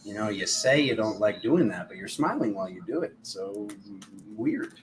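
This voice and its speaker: A man doing tarot readings in a casual, rambling live stream, chatty and quick to poke fun at himself. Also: lowish voice, animated, noisy background. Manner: chatty, rambling, self-mocking. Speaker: tarot reader.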